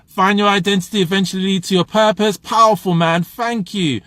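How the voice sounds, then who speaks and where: A man hosts a motivational livestream, speaking with passion and conviction. His voice sits high, and the sound is close and dry, with no room around it. He moves between preaching and reading viewers' comments aloud. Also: fairly even intonation, a little fast, sharp tone, dry recording. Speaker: motivational live streamer.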